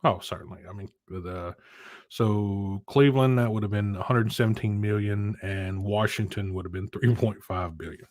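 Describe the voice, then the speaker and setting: A man co-hosting a casual chat show, rambling and animated, who rants with many restarts. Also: lowish voice, normal speed, dry recording, clean studio sound. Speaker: podcast co-host.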